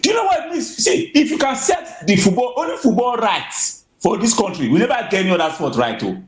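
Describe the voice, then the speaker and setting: A man's voice: high voice, sing-song, fairly quick, roomy sound. A man with a Nigerian Pidgin accent speaking as a guest in casual commentary, emphatic with stammering restarts.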